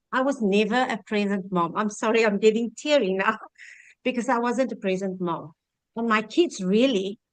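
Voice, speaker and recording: A woman's voice: mid-range voice, a bit bright, dry recording, rough recording. A South African woman in her fifties tells her own story as a webinar guest. She speaks earnestly over a video call, often restarting her sentences. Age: 50s. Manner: earnest, heartfelt, rambling with restarts. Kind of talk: personal testimony on a webinar.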